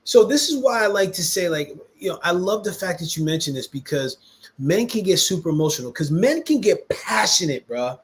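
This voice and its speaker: A man's voice: high voice, a little fast. A man hosting a casual podcast conversation, talking animatedly and emphatically and acting out quoted dialogue in shifting voices. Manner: animated, emphatic, calls listener "bro". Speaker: podcast host.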